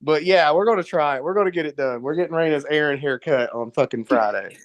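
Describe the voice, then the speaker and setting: A man's voice: a little high, fast talker, dry recording. A man co-hosting a podcast in casual chat, joking and teasing his friends. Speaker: podcast co-host.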